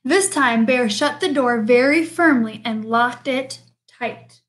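A woman reading a picture book aloud in a bright, high voice. She paces the story slowly and lingers on each phrase. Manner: slow, expressive read-aloud delivery. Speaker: storybook reader.

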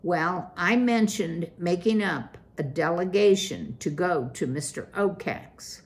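A self-important father mouse from a storybook, talking in a formal, grand manner, as a woman reader puts him on. His voice sits low and unhurried, and he drags out his words. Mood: pompous. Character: pompous fussy father mouse, male elder.

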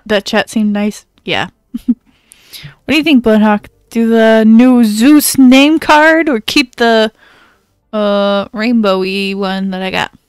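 A woman's voice: fairly high pitch, fairly even intonation, takes it slowly, clean tone, no room sound, studio quality. A woman streaming a game, chatting casually and playfully with frequent laughter. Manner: giggly, playful. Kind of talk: casual gaming chat.

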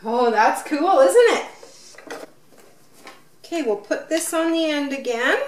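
A woman with a high voice speaks at normal speed while filming herself playing with her toddler for an unboxing and play vlog. In a sing-song way, she encourages him and asks lots of questions. The roomy audio comes from mic distance, with slight background noise.

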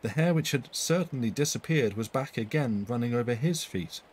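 A man's voice: medium pitch, animated, moderate pace, a little mellow, slight background noise, low-quality recording. A man reading a ghost story aloud on a live stream, lifting his voice for the quoted lines and correcting his own slips as he goes.

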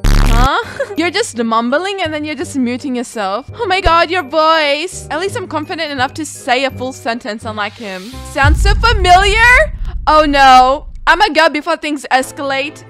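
A woman's voice: high-pitched, lively intonation, normal speed, fairly bright tone, soft background music. A young adult woman giving chatty, casual gaming commentary, exclaiming and reacting as she goes. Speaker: gaming video creator.

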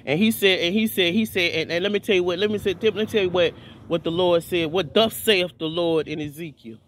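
A man with a notably high voice delivers an informal video sermon. He preaches fervently, circling back on his words and repeating phrases for emphasis. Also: steady tone, brisk, slight background noise. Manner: fervent, repetitive, many restarts.

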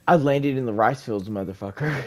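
A gamer giving excited commentary, swearing often and crying out in panic while laughing at their own mishaps. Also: medium pitch, a little hiss or hum. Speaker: gamer playing live. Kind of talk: game commentary.

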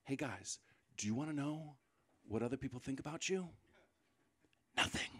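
A man performing a live stand-up set, sarcastic and building into loud mocking rants. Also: medium pitch, moderate pace. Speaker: stand-up comedian. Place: live comedy venue.

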